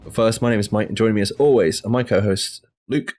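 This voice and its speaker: Low-voiced man hosting a podcast. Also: quick pace, soft background music. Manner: relaxed, joking, swears casually. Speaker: podcast host. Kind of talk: casual podcast chat.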